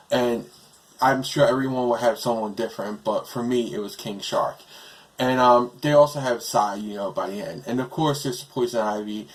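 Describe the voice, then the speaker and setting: A man's voice: mid-range voice, rough recording. Casual male reviewer, rambling delivery with lots of fillers, voice cracking. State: voice breaking.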